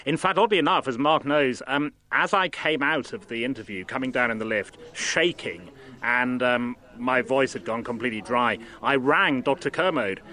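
A man co-presenting a radio show, telling a story about an interview in an animated, self-deprecating way. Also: medium pitch, moderate pace. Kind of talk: casual radio chat.

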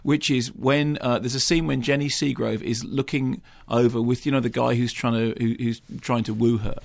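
A man co-hosting a radio film show, telling quick animated anecdotes in casual chat. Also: mid-range voice, creaky. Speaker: film critic co-host. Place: radio studio.

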